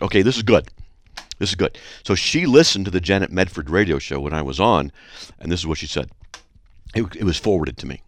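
A man hosting a radio show, reading listener mail aloud with sarcastic, animated commentary and frequent throat clearing. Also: sits low, dry recording, studio quality.

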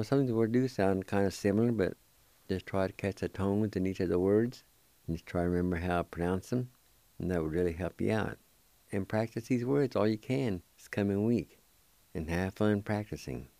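A man leads a radio language lesson in a deep, smooth, mellow voice. He spells words one letter at a time and repeats them slowly. The sound is close and dry. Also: dry recording.

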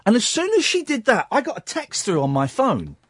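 A radio host tells a story, acting out his phone calls with both voices. His voice sits high and swings widely, with a husky grain. The sound is close and dry, with no room around it. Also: a little fast, no room sound. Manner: animated, acts out both sides of phone calls. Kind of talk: storytelling on a talk radio show.

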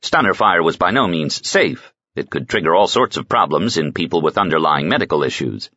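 Low, husky man reading fiction, lively delivery, dry dull recording. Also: a little fast, no room sound. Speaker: audiobook narrator. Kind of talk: scripted narration.

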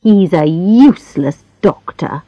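A woman's voice: fairly low pitch, animated, takes it slowly, warm tone, husky, dry recording, dull audio, full character voice. A woman voicing a sickly, scornful older rich woman who complains without end, in a storybook reading. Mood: sly. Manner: whiny, scornful, petulant.

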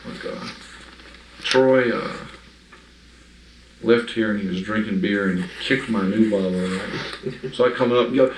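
A man's voice: lowish voice, measured pace, pauses often, noisy background. A man giving informal Bible teaching to a small group, talking in a conversational, emphatic way and often checking that his listeners understand. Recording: echoey room, mic from afar.

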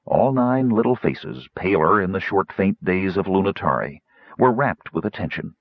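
Male narrator, expressive storytelling, husky voice, dry dull lo-fi recording. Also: low voice, moderate pace, no echo. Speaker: audiobook narrator. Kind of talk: scripted narration.

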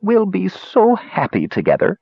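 A man's voice: medium pitch, huge pitch swings, moderate pace, husky, no echo. A man voicing a frail old witch woman who dotes tenderly and gushes, in a slightly muffled recording. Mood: doting. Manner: tender, gushing.

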